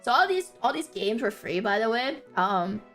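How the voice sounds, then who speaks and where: Giggly, high-pitched young woman streamer. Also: big pitch swings, normal speed, a bit bright, soft background music. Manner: giggly, swears freely, bursts into laughter. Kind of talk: casual storytelling chat.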